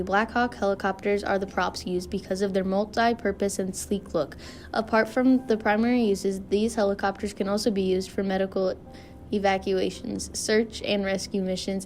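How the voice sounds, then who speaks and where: A young female student reads the narration for a school podcast. She reads carefully from her script, with a little background noise around her. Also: mid-range voice. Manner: careful reading. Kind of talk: reading a script.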